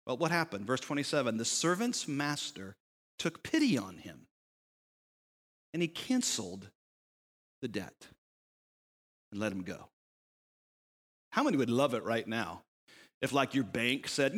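A pastor with a mid-range voice preaches a sermon, telling a parable in an unhurried way with frequent pauses. He asks rhetorical questions and animatedly voices the characters' lines, all carried on the long reverb of a hall.

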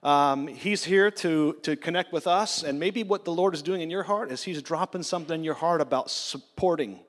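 Pastor with a slightly high voice in a reverberant church. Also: male voice, normal speed. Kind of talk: pastoral address to a congregation. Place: church sanctuary. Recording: long church hall reverb.

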